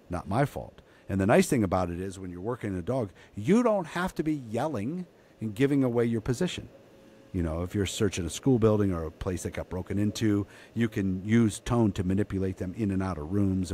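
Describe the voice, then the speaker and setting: A man, a dog trainer guest on a podcast, talking in a casual, animated and profane way. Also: fairly low pitch, husky.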